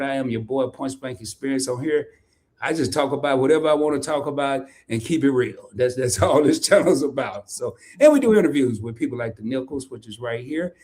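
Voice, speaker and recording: A man hosting a casual live stream, talking loosely and teasing with quick laughing bursts. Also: a little high, darkish tone. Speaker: host.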